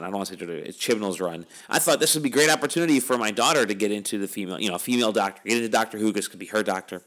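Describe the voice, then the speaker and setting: A man's voice: on the low side, fairly bright tone. A middle-aged man hosting a podcast, talking in a wry, weary, rambling way as he wraps up the episode. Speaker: podcast host. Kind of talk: casual podcast chat.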